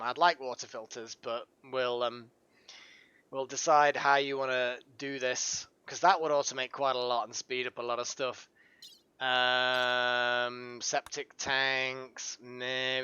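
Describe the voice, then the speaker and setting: Gamer streaming, slow and giggly, dull dry lo-fi mic sound. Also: mid-range voice, sharp tone, clear, resonant tone, dry recording. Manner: giggly, keeps breaking into laughter; rambling, full of restarts and fillers. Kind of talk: casual live-stream gaming chat.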